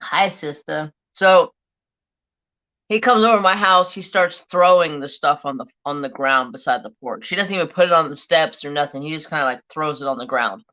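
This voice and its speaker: A middle-aged woman chats with her live viewers, spinning a long, blunt story full of swearing. Her voice sits a little low but rings bright and forceful. The stream audio is dull and lo-fi. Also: moderate pace. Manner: blunt, profane, rambling storyteller. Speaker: livestream host. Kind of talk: casual storytelling to a live chat.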